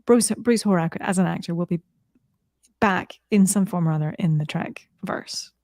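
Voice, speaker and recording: A woman's voice: lowish voice, moderate pace, darkish tone, no echo. Wry woman podcast co-host, dry sound. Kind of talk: casual chat.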